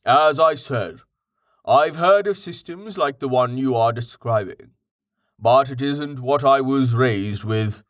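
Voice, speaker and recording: A man voicing a patient, well-read companion who explains things in a calm, matter-of-fact way, slow and dry. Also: medium pitch, no echo, natural voice.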